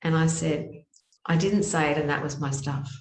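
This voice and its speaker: A woman telling a personal spiritual story in an animated way, laughing often and acting out voices with sudden high pitch. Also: normal speed, reverberant, rough recording. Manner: laughs often, loose fillers.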